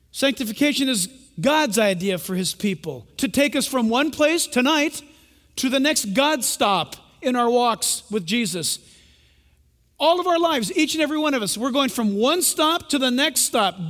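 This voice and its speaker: A man's voice: extremely high pitch, fairly bright tone. A man preaching a sermon as pastor, emphatic and speaking straight to his congregation. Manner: emphatic, addresses the congregation directly. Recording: long hall reverb.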